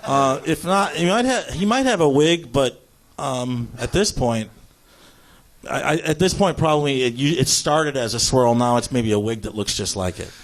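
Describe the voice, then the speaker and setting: A man's voice: mid-range voice, expressive, moderate pace. A man guesting on a live comedy podcast, telling stories in loose casual chat full of fillers. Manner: loose storytelling, filler-heavy.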